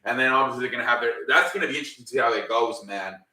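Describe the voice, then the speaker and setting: A man talks through last night's wrestling in a loose, rambling way, full of "um" and casual swearing. His voice is bright and forceful. He sits back from the mic in a roomy space, so his words echo. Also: mid-range voice, very fast, recorded from a distance. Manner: rambling, filler-heavy, swears freely. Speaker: wrestling show recap host. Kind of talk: casual spoken recap.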